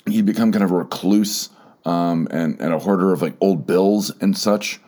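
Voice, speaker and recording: A man hosting a personal solo podcast, talking in a halting way with many restarts and repeated words, emotional and close to tears. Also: deep voice, a little mellow. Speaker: podcast host.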